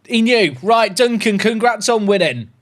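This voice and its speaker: Animated man chatting on a livestream. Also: high voice, unhurried. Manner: excitable, chatty, rambling. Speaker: gaming livestreamer. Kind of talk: casual livestream chat.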